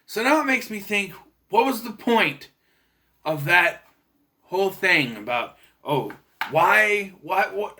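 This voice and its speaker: Here a young man with a sharp, somewhat high voice offers a loose spoken take on a movie. His delivery wanders and wavers, full of false starts and self-corrections.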